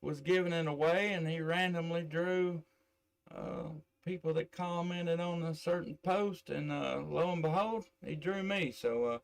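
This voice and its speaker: Speaking into a desk mic in a casual on-air contact, this middle Tennessee ham radio man drawls with a Southern accent and plenty of filler words. His voice is on the high side and gravelly yet clean, with a steady tone and measured pace.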